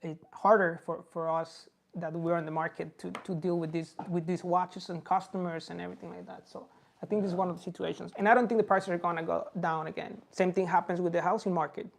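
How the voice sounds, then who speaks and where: A woman with a Spanish accent, a native Spanish speaker, hosting a watch podcast and talking in a relaxed, rambling way, calling the listener bro. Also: on the low side, fast talker, gravelly, a little hiss or hum. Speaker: watch dealer and podcast host. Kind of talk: casual podcast chat.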